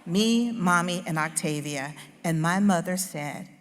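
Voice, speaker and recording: A woman author giving a humorous, animated storytelling speech into a stage microphone. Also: lowish voice, a little slow. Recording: long hall reverb.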